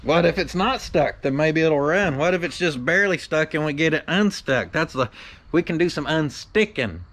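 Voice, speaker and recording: A man's voice: on the high side, expressive, moderate pace, a bit bright. A man hosting a shop vlog outdoors, talking in a joking, folksy way with country slang. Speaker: shop owner and channel host. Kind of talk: casual vlog commentary. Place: outdoors behind a workshop, by a carport.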